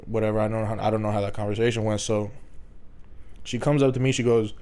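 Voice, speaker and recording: A man's voice: on the low side, steady tone, fast, dark tone, smooth. A man casually telling a long story on a podcast, rambling and swearing, laughing often. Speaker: podcast co-host.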